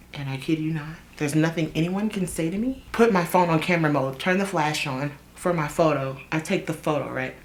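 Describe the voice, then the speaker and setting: A young woman telling a story in a chatty, animated way while getting ready, with asides to her viewers. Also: low voice. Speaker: vlogger. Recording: roomy echo.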